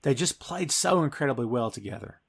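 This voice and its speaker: A man's voice: mid-range voice, animated, a little fast, gravelly, breathy edge. A man hosting a podcast in casual chat, talking with gushing enthusiasm. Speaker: podcast host.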